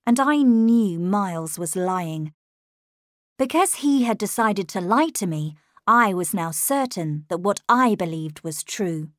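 A woman narrating a storybook in a measured, gentle way. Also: mid-range voice, no echo, studio quality. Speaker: reader.

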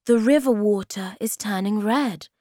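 A woman voicing a calm young wanderer in a storybook, speaking softly and steadily. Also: medium pitch, unhurried, no room sound, studio quality, voice pushed up, lightly acted. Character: calm, wandering young man, quietly wise.

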